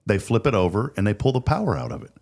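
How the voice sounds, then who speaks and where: A deep-voiced man hosts a casual morning talk show. He talks in an earnest, chatty way and often doubles up words as he gets going. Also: huge pitch swings, quick pace, vocal fry, darkish tone. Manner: earnest, chatty, repeats words when starting sentences. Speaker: host.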